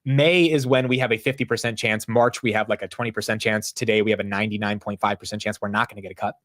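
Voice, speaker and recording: A young man hosting a stock market livestream, talking casually in a rambling, animated way and saying "bro" and "dude" a lot. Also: fairly low pitch, quick pace.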